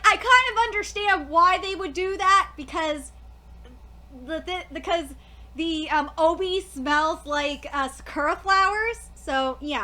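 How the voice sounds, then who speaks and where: A woman giving a casual anime review, gushing and excitable, swearing and laughing often, rambling with lots of fillers. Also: very high voice. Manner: rambling with many fillers and restarts.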